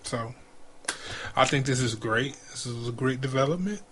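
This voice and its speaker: A man's voice: medium pitch, normal speed, fairly bright tone, a little hiss or hum. A man co-hosting a podcast, talking in a loose, conversational way with slang and repeated phrases. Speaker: podcast co-host. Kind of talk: casual chat.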